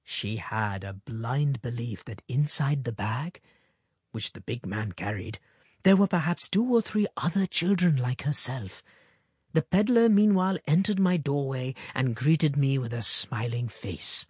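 A woman reads a classic story aloud in a measured, expressive way, and her pitch rises and falls in a lively manner. Her voice has a husky, slightly breathy grain. The recording is close and dry, with no room sound. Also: no room sound. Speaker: audiobook reader. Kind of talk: scripted narration of a short story.

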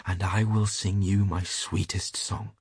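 A man's voice: sits low, level tone, a little slow, husky, dry recording, clean studio sound, heavily acted. A man reading the part of a tender, devoted female nightingale in a fairy tale, in an earnest, lyrical way. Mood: pleading.

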